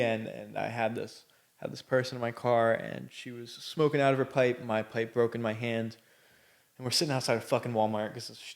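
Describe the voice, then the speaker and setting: A man's voice: medium pitch, gravelly, darkish tone. A man hosting a podcast, telling his own story in a candid, blunt, rambling way with plenty of swearing. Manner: loose, rambling delivery full of fillers. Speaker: podcast host. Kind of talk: personal storytelling.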